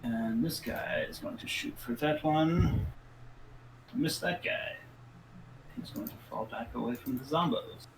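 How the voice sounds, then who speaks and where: A man's voice: medium pitch, measured pace, pauses often, reverberant, noisy background. A man narrating a tabletop game as game master, describing the action dramatically.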